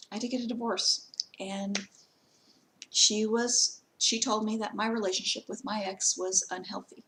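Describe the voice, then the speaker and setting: A woman vlogging in a casual talk to camera, plainspoken and earnest, giving direct advice with frequent pauses. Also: mid-range voice, a bit bright, rough recording.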